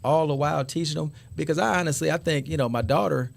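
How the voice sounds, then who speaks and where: A man's voice: fairly high pitch, fast talker, vocal fry. A middle-aged man, a guest author, answering interview questions in a loose, rambling way and repeating words as he thinks. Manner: rambling, repeats words while searching for thoughts.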